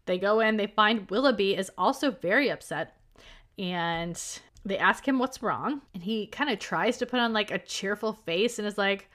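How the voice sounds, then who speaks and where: A woman's voice: medium pitch, normal speed, fairly bright tone. A woman co-hosting a podcast, recapping a book in a chatty way, with frequent "like"s and laughter. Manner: chatty recap, laughs often, says "like" a lot. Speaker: podcast co-host. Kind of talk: casual book discussion.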